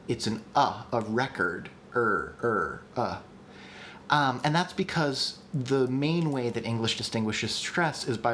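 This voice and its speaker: A livestream host gives a casual lesson on language creation, chatty and enthusiastic, with frequent ums and restarts. The voice sits at medium pitch against slight background noise.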